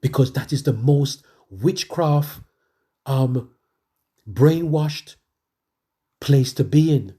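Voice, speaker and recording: A man's voice: medium pitch, slow pace, long pauses, dark tone. A middle-aged man preaching a testimony sermon, conversational and emphatic, repeating phrases for emphasis.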